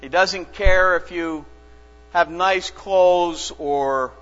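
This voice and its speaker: A male pastor preaches in a slow, earnest voice, pitched a little high. He lets his stories unfold with long dramatic pauses. The recording is dull and lo-fi, with a long church reverb and a faint mains hum. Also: a bit bright. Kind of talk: sermon. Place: church sanctuary.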